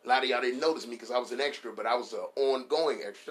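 A man's voice: medium pitch, fast, fairly bright tone. A man hosting a comedy podcast, riffing in a profane, rambling, playful way. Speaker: podcast host.

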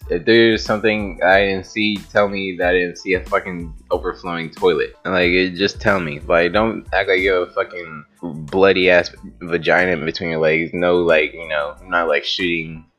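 A young man with a low, deep voice tells a story straight to camera, loose and rambling. He swears freely and leans on "like" between his words. Faint music plays underneath. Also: steady tone, normal speed, a bit bright. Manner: rambling, profane, with frequent "like" fillers and laughs. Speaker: vlogger telling a story. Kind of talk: casual storytelling monologue.

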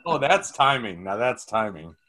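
A man's voice: fairly low pitch, big pitch swings, moderate pace, sharp tone, a little hiss or hum. A man co-hosting a podcast, joking around in casual chat. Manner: playful, jokey. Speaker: podcast co-host.

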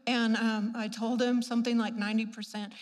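A woman shares a healing testimony with lively, expressive storytelling, playing out her own reactions and laughing along the way. Her voice sits high, and it carries a long echo, as if recorded in a large hall. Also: a little fast. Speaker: speaker sharing a healing testimony. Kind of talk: animated personal testimony.

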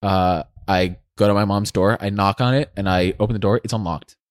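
A man's voice: lowish voice, steady tone, fairly quick, no echo, clean studio sound. A young man co-hosting a casual podcast, telling a long family story and acting out the other people's lines as he goes. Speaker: co-host.

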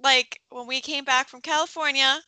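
A young woman co-hosting a podcast, telling a quick side anecdote. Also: high-pitched, steady tone, pushed and bright, dry recording, rough recording. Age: young adult. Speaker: podcast co-host. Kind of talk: casual storytelling.

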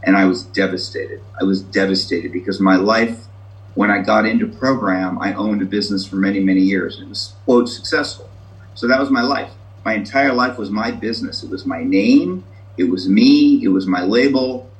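A man's voice: lowish voice, normal speed, rough recording. Brief: man, self-mocking and candid, sharing his story on a video call. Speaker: meeting member sharing. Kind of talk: recovery meeting share.

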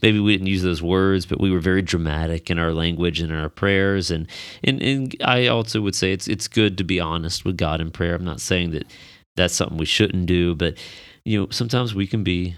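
A man's voice: deep voice, brisk, clean tone, no room sound, studio quality. A man teaching through a Bible passage on a podcast, in a conversational, emphatic way that keeps repeating key words.

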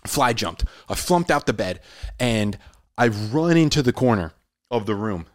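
A man telling a personal story in a casual, animated way, often saying "dude". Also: lowish voice, measured pace, no echo, clean studio sound. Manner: animated, says "dude" a lot.

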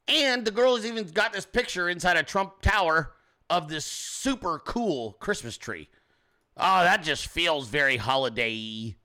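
A brash, foul-mouthed man hosts his own show, rambling through casual commentary and calling out to his chat viewers. His voice sits a little high and swings widely in pitch. The tone is bright and forceful. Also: expressive, unhurried. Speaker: show host.

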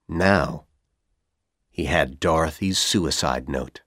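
A man from Iran with a Persian accent, whose first language is Persian, reading an English storybook aloud in a clear, deliberate way for learners. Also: sits low, expressive, no room sound, studio quality. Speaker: audiobook reader for English learners. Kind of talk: slow audiobook narration.

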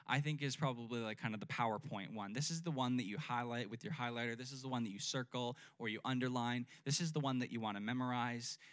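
A man's voice: fairly high pitch, a bit bright. A man preaching a sermon as pastor, talking conversationally, asking questions and leading the congregation in repeating phrases. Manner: conversational preaching with call-and-response, varying pace and emphasis.

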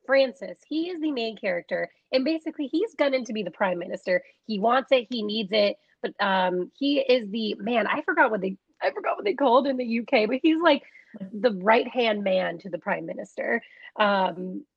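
A young woman co-hosting a casual podcast chat, talking in a chatty way with quick asides and frequent laughs. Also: a little high, expressive, gravelly, breathy edge, dry recording, lo-fi sound. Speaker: podcast co-host.

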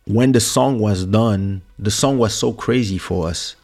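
A man's voice: fairly low pitch, measured pace, a little mellow. A man, hosting a podcast and casually telling a story from his music career, repeating and restarting words as he recalls. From France. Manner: reminiscing, frequent word repeats and restarts.

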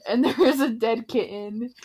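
A young woman in casual chat, telling a story slowly and giggling. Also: fairly high pitch, slightly rough. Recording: loud background noise.

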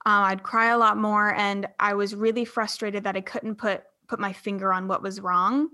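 A woman's voice: on the high side, pushed and bright. A woman in her twenties telling a personal story in a candid, rambling interview, with many restarts. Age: 20s. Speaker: guest.

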